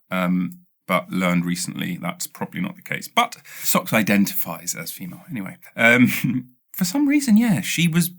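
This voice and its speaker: A British man with a mid-range voice hosts a podcast, telling a casual, comedic story. He rambles animatedly, interrupting himself and stuttering as he goes.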